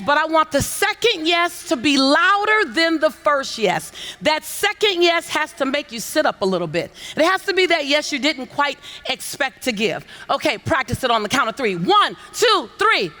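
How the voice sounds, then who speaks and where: A woman giving a motivational keynote on a conference stage, coaxing the audience into call-and-response and building to shouts with repeated phrases. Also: high voice. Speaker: motivational speaker. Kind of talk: keynote speech to a conference crowd. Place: large conference hall on stage.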